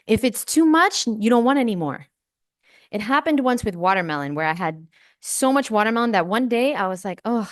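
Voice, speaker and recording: Brash, profane woman hosting a livestream. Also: mid-range voice. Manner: brash, profane and playful, chatting with viewers. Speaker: livestream host. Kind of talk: casual livestream chat. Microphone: close microphone.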